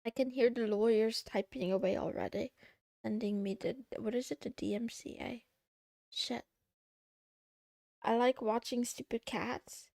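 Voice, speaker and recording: A young woman streaming from home, chatting casually with her viewers in a playful way, with the odd meow and high squeals when she gets excited. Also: unhurried, creaky, pauses often, no echo, clean studio sound. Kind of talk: casual chat with live chat.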